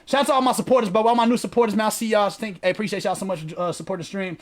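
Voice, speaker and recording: Fast, high-voiced man hosting a livestream. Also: steady tone. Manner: profane, slangy, reads chat aloud. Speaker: livestream host. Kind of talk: casual livestream chat.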